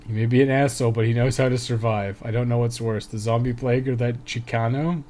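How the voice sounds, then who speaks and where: A man's voice: mid-range voice, fairly even intonation, fast, mellow. A man streaming a video game live, reading the on-screen text aloud and swearing often.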